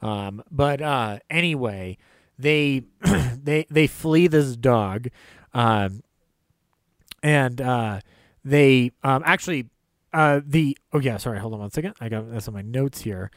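A man co-hosting a casual film podcast, animated and quick to laugh, acting out quotes in a higher voice. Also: no echo, studio quality. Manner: animated, laughs often, acts out quotes in a high voice. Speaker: podcast co-host discussing old films. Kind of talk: casual chat.

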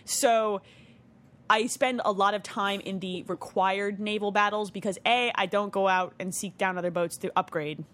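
A woman co-hosting a podcast, chatting casually about video games in a quick, animated way and swearing freely. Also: medium pitch. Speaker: podcast co-host.

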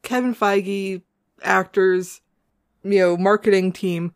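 A woman with a New England accent, chatting as a podcast co-host. Her tone is wry and easygoing, and her pitch sits in the middle of her range. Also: slow. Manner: relaxed, wry, introduces the episode. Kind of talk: casual podcast chat.

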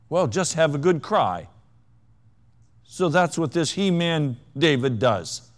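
A pastor with a medium-pitched voice preaches a sermon full of wry, self-mocking humor. His delivery swings dramatically between hushed and loud.

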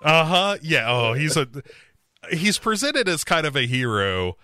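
A man's voice: fairly high pitch, big pitch swings, measured pace, pushed and bright, clean tone, no room sound, studio quality. A man co-hosting a podcast, casually retelling a TV episode in a rambling way, acting out lines as he goes. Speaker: podcast co-host. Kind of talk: casual recap chat.

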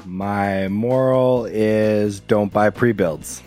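A man's voice: fairly low pitch, extremely slow, a little mellow, faint music behind. A man chatting casually on a group podcast, chiming in with short dry remarks. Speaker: podcast co-host.

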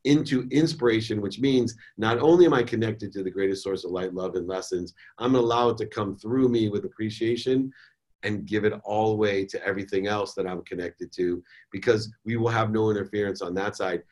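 A middle-aged man, a podcast guest, telling a motivational story in an emphatic way that swings between soft and forceful. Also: fairly low pitch, fairly quick. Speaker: guest, entrepreneur and speaker.

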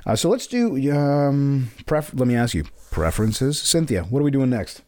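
A man's voice: mid-range voice, expressive, normal speed, darkish tone. A man hosting a casual podcast, rambling and playful, with self-mocking asides. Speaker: podcast host.

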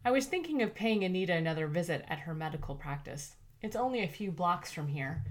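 A woman voicing a direct, guarded young woman investigator in an audiobook, slightly above her narrating pitch. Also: animated, a little fast, lightly acted. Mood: matter-of-fact. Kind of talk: audiobook character voice.

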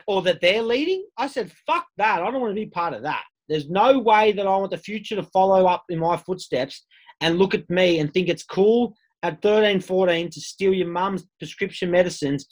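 Candid Australian man, higher voice. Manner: candid, rambling, swears freely, many fillers. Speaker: guest. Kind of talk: casual interview storytelling.

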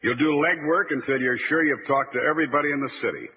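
A man playing a wisecracking hard-boiled private eye in a 1940s radio comedy, deadpan with mock-gritty monologues. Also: medium pitch, fast talker, natural voice. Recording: tinny old radio broadcast, echoey, faint hiss.

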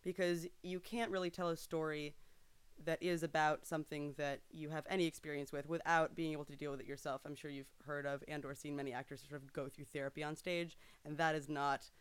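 A woman's voice: deep voice, clean tone, no room sound. An actress in an interview, explaining her craft in an articulate, thoughtful way. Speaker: stage actor. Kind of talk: casual interview answers.

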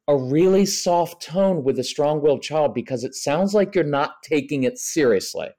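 A man's voice: on the high side, animated, normal speed, hardly any pauses, dark tone. A middle-aged man, a parenting expert guest on a podcast, explaining in a practical way and acting out examples in voices. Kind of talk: podcast interview.

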